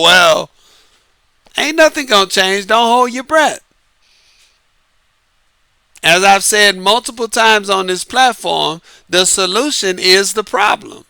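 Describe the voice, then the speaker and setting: A man with a high, very bright voice delivers a casual monologue straight to his audience, breaking into laughter between points. His voice is smooth and clear. The sound is close and dry. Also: no room sound. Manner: laughs often, uses Southern-flavored slang. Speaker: online commentary host.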